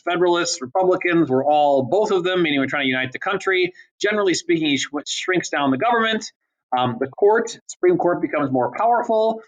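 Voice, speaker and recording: A man teaching a history class in a casual, chatty lecture style, with many ums and quick asides. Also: fairly high pitch, fairly bright tone, low-quality recording.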